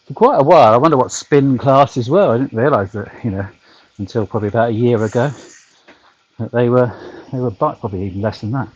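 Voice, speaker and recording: A man's voice: medium pitch, fairly quick, darkish tone, slightly rough, no room sound, muffled recording. A British man chatting casually to his stream while cycling at home on an indoor trainer, rambling with lots of ums and dry humour. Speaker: vlogger cycling on a turbo trainer. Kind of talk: casual chat to a livestream. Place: home, back garden.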